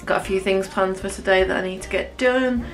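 A British woman vlogging at home, chatting straight to her viewers in a relaxed way. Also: medium pitch, a little fast, soft background music. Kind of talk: casual home vlog.

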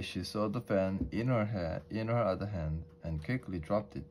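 A man reads a storybook aloud for English learners, calm and measured, with the odd small restart. His voice sits on the low side.

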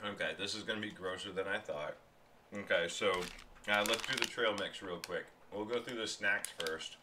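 Brief: low-pitched male food reviewer, loose and chatty, noisy home setup. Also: expressive, moderate pace. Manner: rambling, chatty, talks while chewing. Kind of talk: casual food-tasting stream chat.

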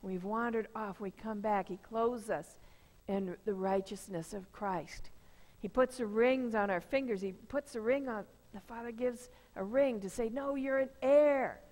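A woman's voice: medium pitch, unhurried, a little mellow. A woman pastor giving a conversational sermon, acting out the voices of the people in her story. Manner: conversational preaching, acts out quoted voices. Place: church sanctuary. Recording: long reverb of a church sanctuary.

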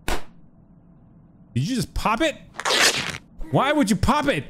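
A man's voice: extremely high pitch, sing-song, takes it slowly, a bit bright, a little hiss or hum. A young man commentating a horror game he is playing, jumpy and teasing the baby character with mock insults. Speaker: gaming YouTuber. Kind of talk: let's play commentary. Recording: game music playing behind. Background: game music.

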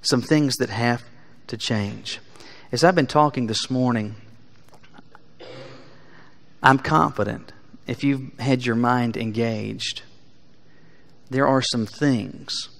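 A man preaching a sermon in a church, speaking earnestly and building to emphatic peaks before dropping quiet. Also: medium pitch, slow, gravelly, pauses often. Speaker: pastor. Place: church sanctuary.

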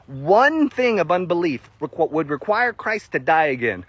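A man teaches scripture while out on a walk, excited and laughing often. His voice sits high and sounds husky, and the sound is dry and close. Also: measured pace, dry recording. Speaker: Christian ministry teacher. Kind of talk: walk-and-talk Bible teaching.

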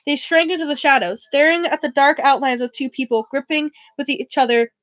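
High-voiced woman reading a novel aloud. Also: a little fast, fairly bright tone, no echo. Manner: stumbling, self-correcting reading. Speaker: book club reader. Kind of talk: casual read-aloud of a novel. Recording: dull, dry lo-fi recording.

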